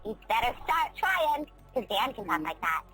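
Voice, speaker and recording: A woman's voice: fairly high pitch, big pitch swings, moderate pace, sharp tone, slightly rough, soft background music. A woman trading brash, vulgar, mocking banter in a crude teasing phone exchange.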